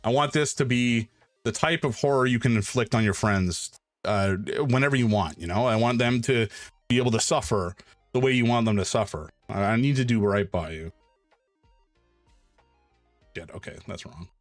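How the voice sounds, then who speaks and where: Excitable male streamer, mid-pitched and animated, casual banter; dry close sound, soft music bed. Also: normal speed, no echo. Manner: animated and excitable, jokey, thanks donors. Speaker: streamer hosting a charity stream. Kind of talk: casual live-stream chat while drawing.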